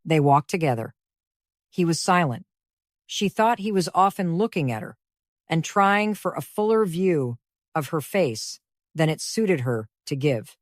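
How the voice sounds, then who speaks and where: A woman narrating a classic novel in a measured, even reading voice. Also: low-pitched, dry recording, clean studio sound.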